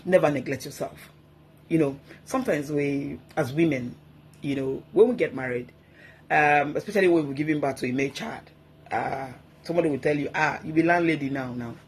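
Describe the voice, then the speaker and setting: A woman's voice: low voice, brisk, darkish tone, a little hiss or hum. A woman, a guest speaker giving emphatic, preachy advice on marriage and often repeating herself for effect.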